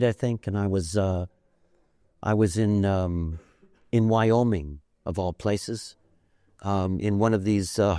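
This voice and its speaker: A man's voice: fairly low pitch, dark tone, no room sound, clean studio sound. A man giving a conversational lecture, wandering into stories with many fillers and asides. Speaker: teacher of a spiritual system. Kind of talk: lecture with storytelling.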